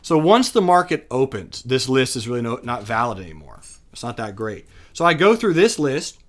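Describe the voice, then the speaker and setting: A young adult man teaching day trading over a screen share, chatty and casual, thinking aloud with fillers and quick self-corrections. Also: mid-range voice, a bit bright. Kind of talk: screen-share chart lesson.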